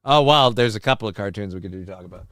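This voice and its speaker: A man's voice: fairly low pitch, quick pace, fairly bright tone, clean tone, no echo, clean studio sound. A man hosting a casual live-stream show, reacting with exclamations and reading chat comments aloud.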